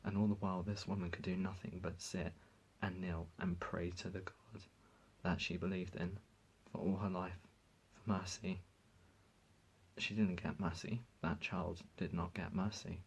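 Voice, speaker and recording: A man's voice: low-pitched, flat delivery, a little slow, gravelly, darkish tone, husky, poor audio. A man vlogging to his viewers, speaking in an impassioned, indignant rant that halts and restarts as he gets emotional. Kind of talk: emotional talk to camera.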